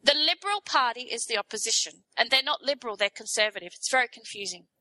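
An Australian woman talks casually with a bright, ringing tone that sits a little high. She tells an animated story and slips into mock voices for the people in it. The sound is dry and close. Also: fast talker, no room sound, low-quality recording. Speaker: guest explaining local politics. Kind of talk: casual chat.

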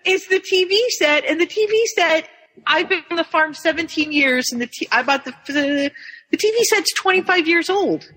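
A woman co-hosting a podcast over a call, chatting easily and telling stories. Her voice sits high and bright, and it trails off into a long reverb. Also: normal speed. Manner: chatty, storytelling. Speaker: podcast co-host and editor. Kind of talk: casual group chat on a call.

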